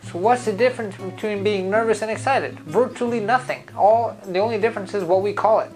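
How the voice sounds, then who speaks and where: A man's voice: high voice, fairly quick, darkish tone, faint music behind, poor audio. A man who founded a driving school gives an upbeat, coaching talk straight to his viewers. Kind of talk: motivational talk to camera.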